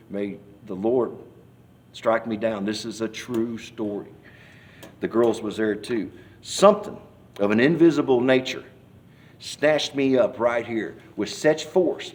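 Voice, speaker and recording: A man giving a personal testimony in an interview, telling his story in a folksy, rambling way and acting out the scenes as he goes. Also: mid-range voice. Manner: animated storyteller, acts out scenes and hollers quoted cries; folksy, rambling speech with many restarts. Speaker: church member giving testimony.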